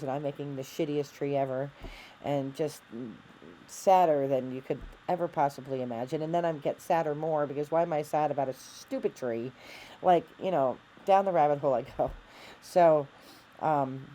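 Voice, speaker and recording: A woman's voice: extremely low pitch, warm tone, slight background noise, poor audio. A middle-aged woman telling a candid personal story on her vlog, rambling and self-deprecating, with frequent fillers and restarts. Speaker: vlogger.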